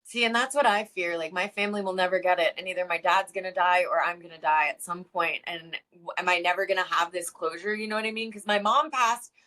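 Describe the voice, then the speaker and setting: A woman's voice: fairly low pitch, fast talker, pushed and bright. A woman guest in a casual conversation, speaking earnestly and openly about her feelings. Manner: earnest, open and emotional.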